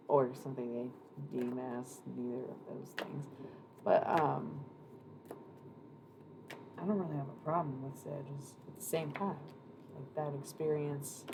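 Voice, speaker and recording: A deep-voiced woman rambling casually through a live tarot card reading, swearing now and then. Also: creaky. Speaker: tarot reader streamer. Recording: noisy room ambience.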